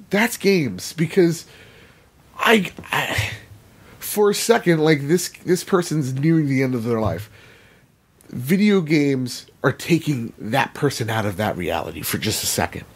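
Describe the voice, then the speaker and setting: Casting: man, husky, slightly high voice, earnest, casual gaming-podcast chat. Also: big pitch swings, measured pace. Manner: earnest, swears freely, many "like"s. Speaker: podcast co-host.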